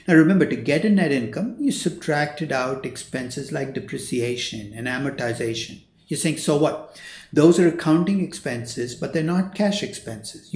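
A man's voice: mid-range voice, a little mellow. An older man who is a finance professor, giving a recorded lecture in a conversational teaching manner. He voices the students' questions himself and repeats his key points. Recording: roomy echo.

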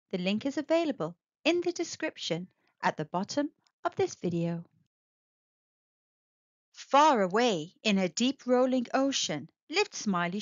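A woman reads a picture book to young children in a lively, sing-song voice. She speaks slowly and stays dry and close. The sound is a little dull and muffled. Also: fairly high pitch, no room sound. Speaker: storyteller reading a picture book aloud. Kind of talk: children's read-aloud narration.

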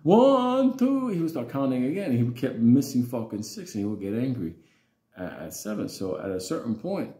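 A man's voice: medium pitch, lively intonation, brisk, dark tone. A man telling a childhood story in a casual, rambling, profane way with lots of fillers. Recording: roomy echo.

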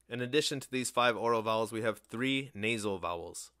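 A man teaching a language lesson in a fairly low voice, speaking slowly and deliberately. He sets each word apart as if listing vocabulary. The recording is dry, with no room sound. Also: fairly bright tone, dry recording.

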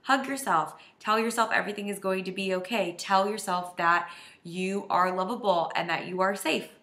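Earnest bright-voiced woman vlogging. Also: mid-range voice, fairly even intonation, moderate pace, reverberant. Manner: earnest, heartfelt and emotional. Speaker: life coach. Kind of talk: confessional self-help vlog.

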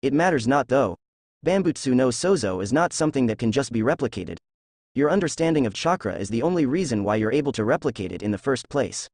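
A man's voice: medium pitch, expressive, fast talker, a little mellow, dry recording, clean studio sound. Grumpy ancient fox spirit, curt and scornful, read by a man. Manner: curt and snappish.

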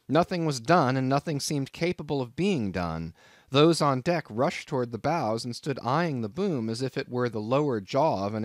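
A male audiobook narrator reads an old sea story in a measured, dramatic way. His voice sits at an everyday middle pitch, recorded dry and close with no echo. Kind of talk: scripted narration.

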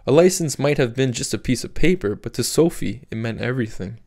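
A man voicing a tired, gentle divorced mother who talks softly and with resignation in an audiobook. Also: mid-range voice, animated, brisk, natural voice. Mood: resigned. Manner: soft, weary, resigned.

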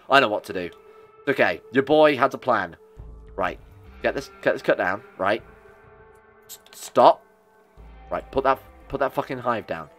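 A man's voice: mid-range voice, fairly bright tone. A man giving casual, joking commentary while he plays a video game, often annoyed and swearing. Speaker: gaming streamer.

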